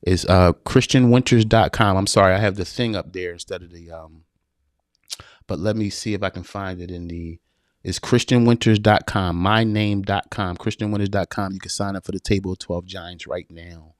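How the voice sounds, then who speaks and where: A man with a low, dry voice hosts a live talk for men, repeating his points with emphasis like a preacher. He calls his listeners brother and answers viewer questions as they come in. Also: steady tone, moderate pace, dry recording. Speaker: podcast host.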